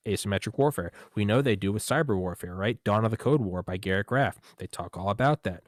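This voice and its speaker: A man hosting a podcast in a casual monologue, talking in an animated way with swearing, rhetorical questions and quick asides. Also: fairly low pitch, no echo. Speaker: podcast host.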